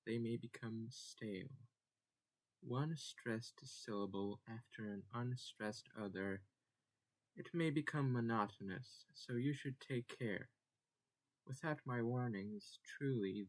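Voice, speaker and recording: A man giving a scripted lesson on poetic meter in a formal, measured and slightly stilted way. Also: mid-range voice. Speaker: poetry lecturer. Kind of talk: scripted narration.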